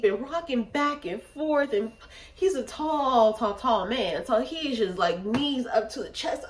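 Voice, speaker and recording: A woman's voice: high-pitched, sing-song, slow pace. A woman vlogger telling a storytime tale in an emphatic way, repeating phrases for effect. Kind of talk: storytime vlog.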